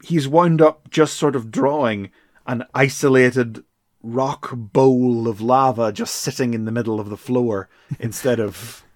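A man co-hosting a casual podcast in a relaxed, drily amused way. His voice sits in a middling range, recorded close and dry with no room sound. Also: medium pitch, measured pace, no room sound. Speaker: podcast co-host. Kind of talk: casual chat.

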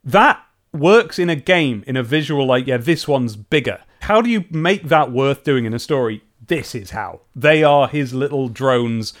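A man's voice: mid-range voice, lively intonation, measured pace. A man co-hosting a casual chat podcast, talking enthusiastically and animatedly, often breaking off and restarting. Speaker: podcast co-host.

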